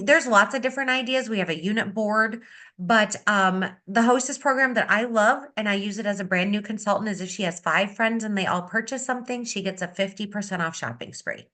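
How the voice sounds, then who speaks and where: Bright upbeat woman coaching on a call. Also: medium pitch. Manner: upbeat, energetic, repeats key advice. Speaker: beauty consultant leading a sales training. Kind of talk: coaching talk on a video meeting. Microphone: video call.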